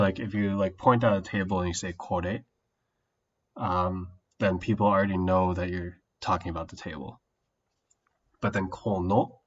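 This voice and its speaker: Slow low-voiced man thinking aloud. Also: breathy edge, lo-fi sound. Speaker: language learner streaming his study. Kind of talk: casual study stream.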